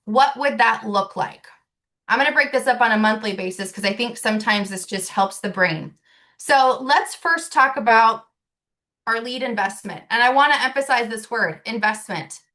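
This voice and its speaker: A woman with a bright, ringing voice sitting a little high, coaching a team of new agents on a video call. She talks in quick, punchy bursts, fires off rhetorical questions and keeps checking in with the group. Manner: upbeat, rapid rhetorical questions, often adds "right?" and "okay?". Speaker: sales trainer.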